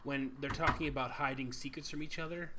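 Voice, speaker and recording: A man co-hosting a podcast, retelling scenes and quoting characters in an animated way. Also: mid-range voice, a little fast, background noise. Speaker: podcast co-host. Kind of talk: casual chat.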